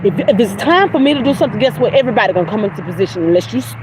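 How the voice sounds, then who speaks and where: A woman's voice: mid-range voice, expressive, very fast, noisy background. A middle-aged woman hosting a livestream, speaking bluntly and emphatically about energy, God and people she won't deal with, with some cursing. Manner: blunt, emphatic, preachy, with spiritual talk and cursing. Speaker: livestream host. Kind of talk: casual livestream monologue.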